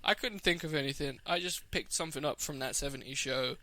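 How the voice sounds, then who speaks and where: A man's voice: fairly high pitch, fairly quick, pushed and bright, no room sound. A young man co-hosting a podcast in casual chat, crude and joking, often giggling. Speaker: podcast co-host.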